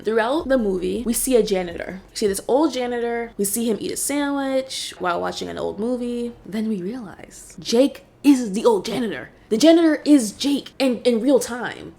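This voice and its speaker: A woman's voice: on the high side, creaky, dark tone. A young woman from New York City, chatting casually and reflectively as she reviews a film on her vlog. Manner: chatty and reflective, with conversational fillers.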